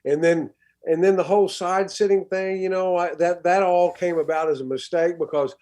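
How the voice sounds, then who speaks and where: A middle-aged man tells stories from a film set. He talks loosely, trips over his starts, and lets his voice drop low at the ends of thoughts. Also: steady tone, moderate pace, a little mellow. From Texas. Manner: storytelling, stumbling restarts, drops to a murmur. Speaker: actor guest. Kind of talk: casual interview chat.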